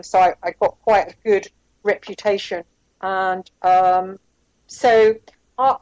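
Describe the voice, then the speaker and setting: A woman's voice: mid-range voice, a little mellow, no echo, poor audio. Candid woman telling her story. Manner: candid, rambling, with asides and quoted dialogue. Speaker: interview guest, former private investigator.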